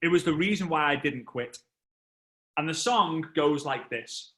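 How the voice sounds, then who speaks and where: A man, a motivational speaker telling a story on stage, animated and acting out voices and sound effects. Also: a little high, measured pace.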